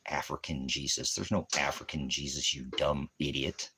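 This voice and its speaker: Deep voiced guy preaching on a stream, yelling at commenters, swears a lot, real combative. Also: moderate pace, few pauses, slightly rough. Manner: combative, mocking, profane ranting at chat commenters. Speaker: livestream preacher. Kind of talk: rambling livestream commentary.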